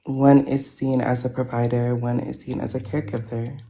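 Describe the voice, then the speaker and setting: A woman's voice: a bass voice, level tone, normal speed, vocal fry, warm tone. A young woman calling into a live stream, who gives curt, short answers. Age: young adult. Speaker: caller. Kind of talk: casual live-stream chat.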